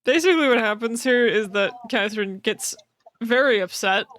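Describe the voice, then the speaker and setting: A woman's voice: a little high, normal speed, fairly bright tone. A woman co-hosting a podcast, explaining a game's story casually with many fillers, restarts and laughs. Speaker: podcast co-host.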